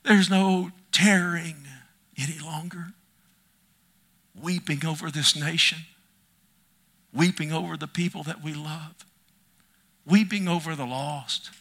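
A middle-aged male preacher delivering an impassioned sermon, swinging from loud cries to hushed near-whispers. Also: a little high, steady tone, slow, pauses often.

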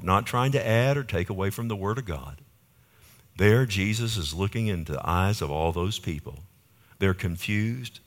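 A man pastor preaching a verse-by-verse sermon, emphatic and often asking the congregation questions. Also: deep voice.

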